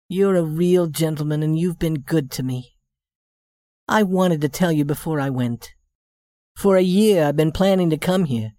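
A woman's voice: fairly low pitch, darkish tone, no room sound, clean studio sound, close to an everyday voice. A woman voicing a young shop girl posing as a rich lady, speaking politely in a scripted story reading. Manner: polite, genteel, then plainly candid.

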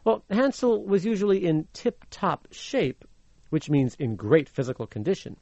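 A man's voice: high voice, moderate pace, no room sound. A playful man from Los Angeles who tells a fairy tale and explains idioms as a slang teacher, with a slightly muffled radio sound. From Los Angeles, USA. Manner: playful, animated, laughs easily. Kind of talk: storytelling lesson explaining idioms.

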